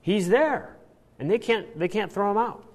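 Lively guy preaching, voice jumps all over, big echoey hall. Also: high voice, a little slow. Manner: animated, acts out quoted lines, frequent restarts. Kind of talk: expository Bible teaching.

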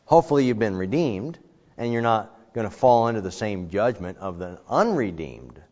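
A man preaching a sermon in a conversational, animated way, with frequent fillers and restarts. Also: fairly low pitch, moderate pace, dull audio. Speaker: pastor.

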